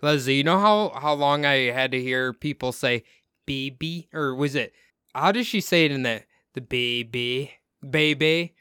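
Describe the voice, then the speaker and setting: Male host, joking and relaxed, bright smooth voice. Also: medium pitch, moderate pace, dry recording, studio quality. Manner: joking, laid-back, laughs often. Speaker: podcast host. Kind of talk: casual podcast chat.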